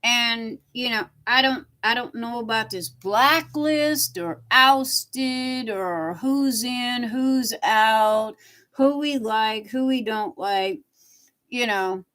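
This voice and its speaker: Slow and fairly bright, a middle-aged woman's slightly high voice carries her livestream. She chats casually and meanderingly with her live viewers, reading out their comments and repeating "you know" over and over.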